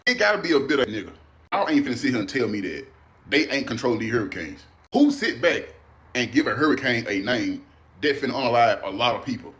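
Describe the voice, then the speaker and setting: A man's voice: medium pitch, a bit bright. A man in an indignant, profane comedic rant who fires off rhetorical questions. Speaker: commentator.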